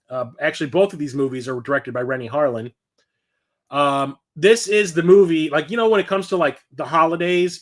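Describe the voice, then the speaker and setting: A middle-aged man chatting casually about his new movie purchases, rambling and enthusiastic. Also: fairly high pitch. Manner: enthusiastic and rambling, quoting movie lines with laughs. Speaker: host of a physical media collection show.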